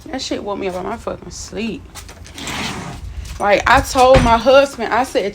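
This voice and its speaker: A woman's voice: fairly high pitch, unhurried, pauses often, background noise. A shaken woman, just woken from sleep, venting angrily to her viewers with heavy swearing and repetition. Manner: profane, repetitive, agitated. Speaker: vlogger. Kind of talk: angry venting to camera.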